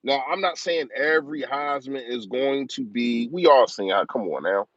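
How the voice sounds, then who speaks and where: The mid-range voice of a man hosting a live-stream sports show comes through lo-fi audio with no room sound. He rants with passion and speed, rambling emotionally about his team and repeating points to drive them home.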